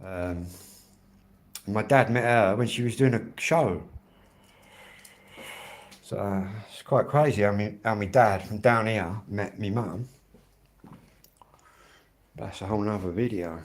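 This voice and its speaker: A man's voice: fairly low pitch, slow pace, long pauses. A man with a Kent accent hosting his own music channel, chatting casually and rambling on a live stream, swearing freely as he goes. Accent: Kent English.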